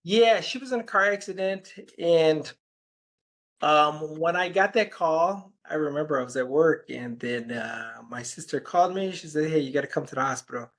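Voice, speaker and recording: A man with a somewhat high voice is a guest in an interview. He tells his story in a loose, rambling way. He keeps slipping into the voices of the people in it as he quotes them. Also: a little slow, fairly bright tone. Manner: rambling anecdotes, quoting conversations with "I'm like". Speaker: healer and podcast guest.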